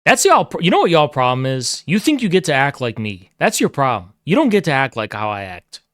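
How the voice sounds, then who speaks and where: Male streamer, aggressive, profane, lecturing chat, smooth clear voice, dry close mic. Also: a little high, big pitch swings, a little fast, fairly bright tone, no echo. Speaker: livestreamer. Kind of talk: heated livestream rant to chat.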